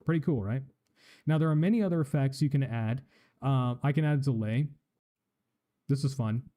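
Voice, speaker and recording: A man talks through audio settings in a relaxed, explanatory way, as if demonstrating live on a stream. His voice is very dark and mellow, sitting at an ordinary middle pitch. He speaks into a studio microphone in his home streaming room. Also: moderate pace. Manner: explanatory, casual, tests mic with test phrases. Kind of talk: live-stream tech tutorial. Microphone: studio microphone with live effects.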